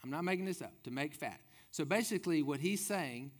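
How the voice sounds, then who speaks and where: A man's voice: fairly high pitch, expressive, fairly quick. A man preaching a sermon as pastor, reading scripture and adding folksy, humorous asides.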